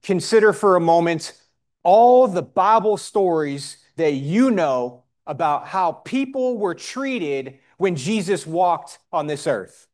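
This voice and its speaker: A man preaching a sermon in short measured phrases, pausing for his interpreter. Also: high-pitched, animated, a little mellow.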